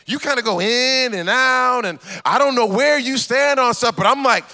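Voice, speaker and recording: A man's voice: extremely high pitch, moderate pace, few pauses, pushed and bright. A man preaching a sermon as pastor, repeating questions rhythmically and adding humorous asides.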